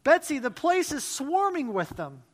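A woman's voice: high-pitched, big pitch swings, measured pace, pitched above the performer's own voice. Woman doing a wailing, exasperated young prisoner. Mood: distressed. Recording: long hall reverb.

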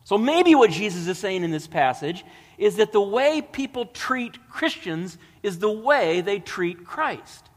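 A man's voice: sits high, big pitch swings, a little slow. A man preaching a sermon, reading scripture dramatically and explaining it with emphatic, rising delivery. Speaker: pastor. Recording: long hall reverb.

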